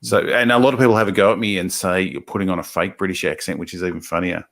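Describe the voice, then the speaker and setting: This livestreamer is a man with an Australian accent and a low, steady, creaky voice with a fairly bright tone, speaking fast. He reads out what viewers comment and rambles casually, cursing freely and restarting a lot amid many fillers.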